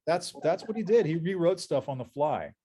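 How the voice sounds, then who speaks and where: A man who works as a voice actor, guesting on a convention panel and telling animated anecdotes, repeating words as he restarts. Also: fairly high pitch, moderate pace.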